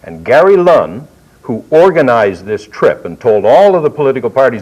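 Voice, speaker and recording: A man speaking as a political guest on a talk-show panel. His pitch rises and falls a lot. He presses his points emphatically and restarts his sentences. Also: sing-song, normal speed, darkish tone, low-quality recording. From Newfoundland. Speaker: member of Parliament guest. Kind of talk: studio panel discussion.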